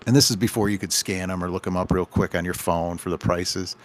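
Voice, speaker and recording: A man's voice: low voice, fairly even intonation, a little fast. A man who owns a game store, telling rambling anecdotes on a casual podcast and acting out the dialogue.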